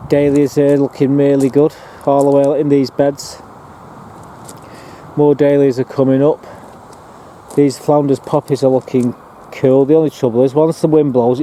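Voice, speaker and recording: A man talks his way around an allotment, rambling and restarting as he goes. His voice is dark and mellow, with a faint hum of town and traffic behind him outdoors. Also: medium pitch. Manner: chatty, rambling, with fillers and restarts. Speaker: allotment gardener giving a plot tour. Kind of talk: casual walking tour narration.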